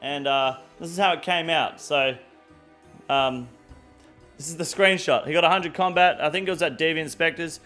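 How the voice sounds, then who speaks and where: High-voiced, foul-mouthed gaming host. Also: male voice, normal speed, fairly bright tone, faint music behind. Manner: crude, profane, blunt. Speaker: host of a weekly game news show. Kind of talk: casual gaming news rant.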